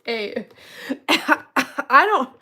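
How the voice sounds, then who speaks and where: A woman's voice: high voice, sing-song, extremely slow, sharp tone. A woman dog groomer hosting a live stream, chatting playfully with viewers and giggling often. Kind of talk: casual live-stream chat. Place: at home with dogs.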